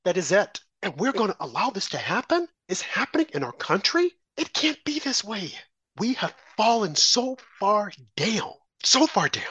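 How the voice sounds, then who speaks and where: Male talk host, higher-pitched, fervent political monologue, dry close mic. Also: big pitch swings, moderate pace, pushed and bright, breathy edge, dry recording. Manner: impassioned, rhetorical questions, mocking quoted voices.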